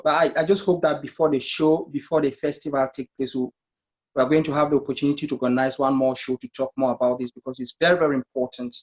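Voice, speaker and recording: A man hosting a discussion show, earnest as he asks questions and wraps up. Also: mid-range voice. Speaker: talk show host. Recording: dull lo-fi sound.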